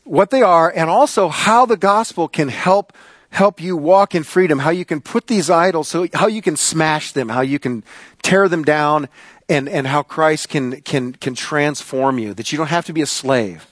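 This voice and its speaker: Middle-aged man, pastor, high voice, dry close sound, animated sermon delivery. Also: normal speed, no room sound. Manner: animated storyteller, gets loud and excited. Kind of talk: sermon with a personal story.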